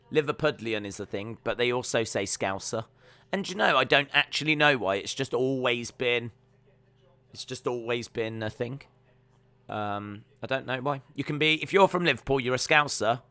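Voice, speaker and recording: A man's voice: mid-range voice, pushed and bright, clean tone, no echo. A young man hosting a live stream, chatting casually with his viewers and breaking down fights, often trailing off with fillers. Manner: chatty, reads out chat questions, trails off with fillers. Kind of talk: casual watch-along commentary.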